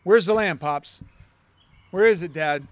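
A man's voice: high-pitched, measured pace, dry recording. A man voicing Isaac as a casual, modern-talking grown son asking his father where the lamb is. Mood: curious. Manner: offhand, modern slang.

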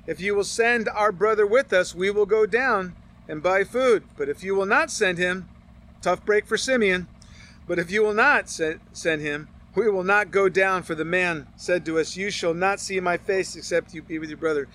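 A man's voice: high voice, normal speed, a bit bright, a little hiss or hum. A man preaching a Bible study, reading scripture aloud and breaking off into casual asides to his listeners.

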